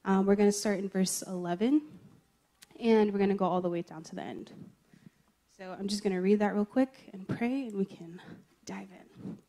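A woman's voice: mid-range voice, moderate pace, warm tone. A young adult woman giving a sermon in a church service, telling a story in a chatty way with lots of fillers. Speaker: guest preacher.

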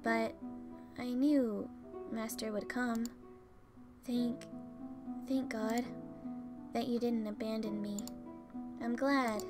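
A woman's voice: fairly high pitch, fairly even intonation, slow, pauses often. A woman voicing a feverish, clingy young man who speaks in a weak, faltering murmur. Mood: pleading. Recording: faint music behind.

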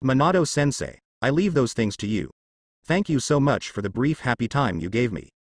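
A man reading the lines of a quiet, grateful teenage boy ninja in an audio story, softly and sincerely. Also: medium pitch, expressive, moderate pace, no room sound, clean studio sound, natural voice.

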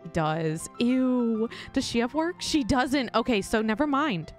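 A woman's voice: fairly high pitch, expressive, measured pace, faint music behind. A young woman chatting casually to viewers while playing a life-sim game, giggly and talkative. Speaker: gaming YouTuber. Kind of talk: casual let's-play commentary.

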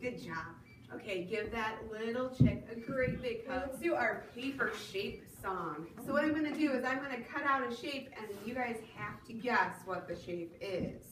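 A woman's voice: a little high, lively intonation, moderate pace. A woman librarian leading a children's storytime, speaking in a patient, encouraging teacher's manner. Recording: echoey room from far off, clear background noise.

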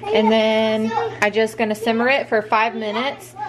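A woman's voice: fairly high pitch, fairly even intonation, unhurried, heavy background noise. A woman and mother casually talking through her cooking step by step in a home kitchen vlog. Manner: chatty, talks through each cooking step. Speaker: vlogger and mother.

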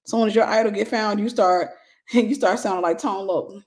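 A middle-aged woman giving a lively, conversational sermon, acting out little scenes and laughing as she teaches. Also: medium pitch, moderate pace. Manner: animated, acts out gossip with voices, laughs. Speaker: Christian teacher.

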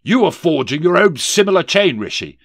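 A man voicing a bumbling, pompous male ghost in chains, loud and stammering. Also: on the high side, big pitch swings, brisk, dry recording, studio quality, pitched above the performer's own voice, exaggerated voice. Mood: blustering.

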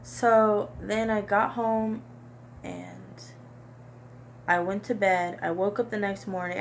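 Young woman vlogging, slow confessional talk, lots of vocal fry, faint hum behind. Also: on the low side. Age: young adult. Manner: halting and repetitive, soft-spoken. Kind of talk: confessional monologue to camera.

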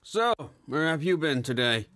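A man's voice: fairly high pitch, sing-song, moderate pace, pushed and bright, pitched above the performer's own voice. A man voicing a cynical, joking junior police colleague in a steampunk audiobook. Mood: wry. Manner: jesting, pedantic.

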